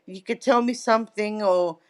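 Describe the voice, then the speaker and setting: A woman's voice: medium pitch, normal speed, a little mellow. A middle-aged woman talking as a guest in a casual interview, telling stories in a chatty way and often checking in with "right?". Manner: chatty storyteller, tags lines with "right?".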